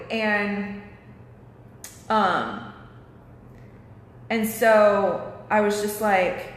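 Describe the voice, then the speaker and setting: A woman's voice: medium pitch, slow, long pauses, fairly bright tone, reverberant, in a large hall. A young woman vlogging a candid personal story, swearing often and losing her train of thought now and then.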